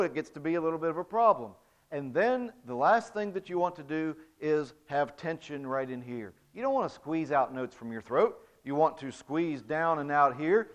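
A man giving a demonstrative spoken voice lesson to a church congregation, moving from soft to loud to show his points. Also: a little high. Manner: demonstrative, explains with physical examples, swings from soft to loud. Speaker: church music director teaching singing. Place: church sanctuary. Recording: dull lo-fi recording.

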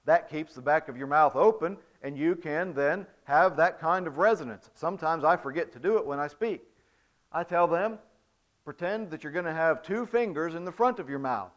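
Church music guy explaining how to sing, slightly high voice, goes quiet then booms, muffled lo-fi sound. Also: normal speed. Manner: demonstrative, explains with physical examples, swings from soft to loud. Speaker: church music director teaching singing. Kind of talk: spoken voice lesson to a congregation. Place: church sanctuary. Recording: dull lo-fi recording.

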